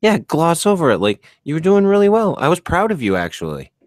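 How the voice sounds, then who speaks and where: A man's voice: a little high, wildly swooping pitch, brisk, dry recording. A man hosting a podcast in casual chat, teasing and sarcastic as he needles his co-host.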